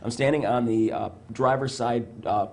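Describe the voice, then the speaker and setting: A middle-aged man recounts a personal story in a medium-pitched voice. He talks with plenty of restarts and acts out the lines he quotes. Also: normal speed, darkish tone. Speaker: psychiatrist guest. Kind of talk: storytelling in an interview.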